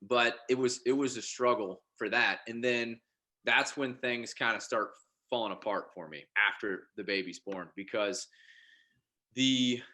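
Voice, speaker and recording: A man's voice: mid-range voice, a little slow, pushed and bright. A man as a podcast guest, telling his life story casually and with animation, often restarting and repeating words. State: married father.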